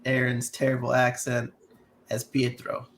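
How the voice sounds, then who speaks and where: A man's voice: medium pitch, monotone, measured pace, a bit bright, slight background noise. A man co-hosting a podcast, talking in rambling, hesitant casual chat. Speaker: podcast co-host.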